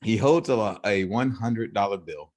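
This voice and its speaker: A man's voice: lowish voice, lively intonation, unhurried, a little mellow. A man with a Southern US accent co-hosting a podcast in casual chat, rambling with frequent restarts and easy laughter. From American South. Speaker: podcast co-host.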